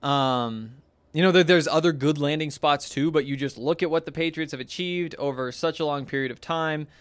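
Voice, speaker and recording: A man's voice: on the high side, normal speed, smooth, no echo. Rambling, chatty male podcast host. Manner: rambling and chatty, with many fillers and restarts. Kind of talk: casual solo podcast talk.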